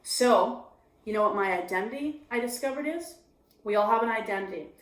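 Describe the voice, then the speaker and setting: A woman's voice: fairly high pitch, a little fast. A woman stand-up comedian talking candidly in an interview, acting out her own inner voice as she goes. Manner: confessional, animated, acts out her own inner voice. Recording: echoey room.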